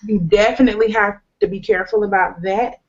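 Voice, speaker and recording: A woman's voice: mid-range voice, steady tone, fairly quick, a little mellow. A woman in her twenties, hosting a talk show and candidly sharing a personal testimony with earnest, humorous asides. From United States. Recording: slightly dull, lo-fi recording.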